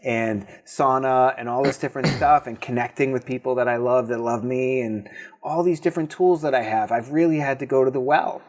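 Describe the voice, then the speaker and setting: A man with a Boston accent talks in a relaxed interview chat. He is open and emotional, often restarting his sentences as he speaks. His voice sits at a middle pitch. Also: a little fast. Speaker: breathwork teacher, guest. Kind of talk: casual interview conversation.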